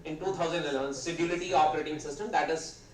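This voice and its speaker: A man's voice: fairly high pitch, steady tone, fast talker. A man in his fifties with an Indian English accent, giving a rambling, hesitant guest lecture while nursing a sore throat. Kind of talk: conversational lecture. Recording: roomy hall, distant mic, faint ambience.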